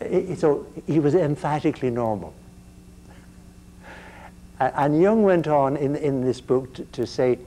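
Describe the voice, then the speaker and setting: An older man giving a university lecture, halting and repeating words as he goes, with a wry sense of humor. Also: a little high, lively intonation, dark tone.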